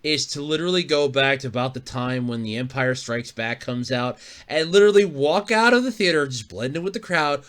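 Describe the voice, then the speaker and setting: A man's voice: medium pitch, lively intonation, a little fast, few pauses, a bit bright, clear, resonant tone. A man hosting his own podcast in casual, rambling chat, swearing offhandedly and chuckling between stories. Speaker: podcast host.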